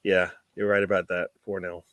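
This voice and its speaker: A man on a football fan panel, chatty and animated when he calls his picks. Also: low voice, normal speed, no echo. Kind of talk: casual chat among football fans.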